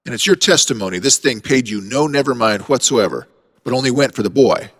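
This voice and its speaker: Man voicing an ex-ranger investigator, formal, probing, lively pitch, long reverb. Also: fairly quick, close to an everyday voice. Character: persistent male former ranger investigator.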